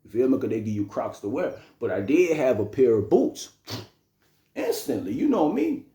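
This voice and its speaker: A young man casually telling a story, animated and slangy, often repeating phrases. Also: medium pitch, normal speed. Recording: roomy echo.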